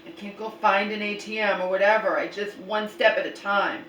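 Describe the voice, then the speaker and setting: A woman's voice: medium pitch, steady tone, normal speed, fairly bright tone, echoey room, distant mic, slight background noise, poor audio. A woman vlogging a rambling, exasperated story and retelling arguments, swearing now and then.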